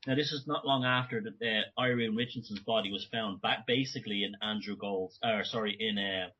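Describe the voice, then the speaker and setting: Guest man, bright and tense, a bit husky; animated, restarts often. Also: lowish voice, brisk. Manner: animated, many restarts and asides. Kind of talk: conversational interview. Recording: dull lo-fi audio.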